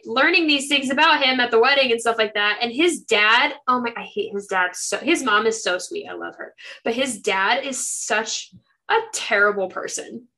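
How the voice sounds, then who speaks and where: Young woman, podcast co-host, casual chat, bright tone, slightly high voice, animated retelling.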